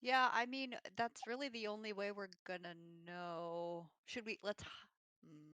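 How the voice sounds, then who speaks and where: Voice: mid-range voice, fairly even intonation, unhurried, bright, forceful tone, clean tone. A tabletop game player talking casually, packing sentences with fillers. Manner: filler-heavy, lots of "like".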